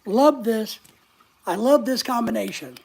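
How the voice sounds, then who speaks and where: A woman's voice: on the high side, animated, measured pace, gravelly, darkish tone, a little hiss or hum. A woman, no longer young, hosting a rambling, chatty live stream and reading out viewer comments as she goes. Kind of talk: casual live-stream chat.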